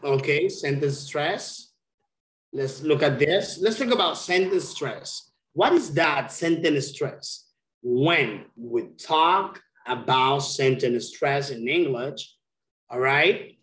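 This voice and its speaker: Slow, patient man teaching English. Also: on the high side, fairly bright tone. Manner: slow, patient, repeats key words. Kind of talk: online English lesson. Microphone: video call. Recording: roomy echo.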